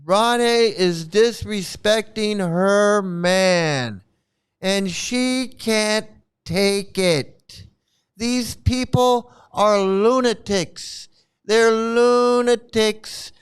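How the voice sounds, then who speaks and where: High-pitched, clear-voiced man ranting. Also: very slow. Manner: ranting, mocking, scornful. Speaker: commentary host. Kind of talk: reaction commentary on a replayed stream.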